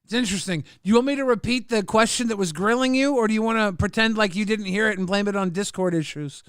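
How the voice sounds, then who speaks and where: A man's voice: sits high, fast, a bit bright, clean tone, dry recording, studio quality. A man hosting a casual live stream, reading chat aloud and teasing his co-hosts.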